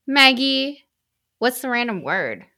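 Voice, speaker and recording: A woman's voice: on the high side, sing-song, slow pace, sharp tone. A woman co-hosting a podcast, introducing segments in a playful, casual way. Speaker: podcast co-host. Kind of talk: casual chat.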